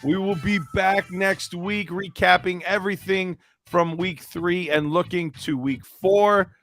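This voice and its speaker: A man's voice: high-pitched, steady tone, measured pace, fairly bright tone, no echo, soft background music. Male podcast host, casual and rambling, dry sound. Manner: loose, chatty, fumbling through notes while asking questions. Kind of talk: casual sports chat.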